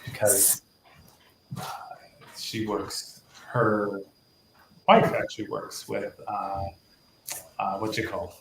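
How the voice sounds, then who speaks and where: A man's voice: lowish voice, level tone, takes it slowly, creaky, long pauses. A man hosting a livestream in casual chat, rambling and playful, full of jokes. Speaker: livestream host. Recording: echoey room with loud background noise.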